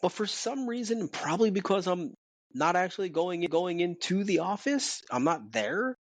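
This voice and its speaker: A man co-hosting a podcast from his home office, talking in an animated, casual way with repeats and swearing. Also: high voice, normal speed, creaky. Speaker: podcast co-host. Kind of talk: casual chat.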